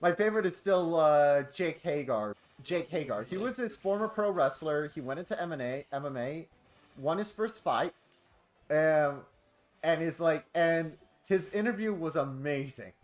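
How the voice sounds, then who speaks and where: A man's voice: on the high side, expressive, normal speed. A man chatting casually on a game stream, joking and swearing as he tells stories. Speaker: streamer co-host.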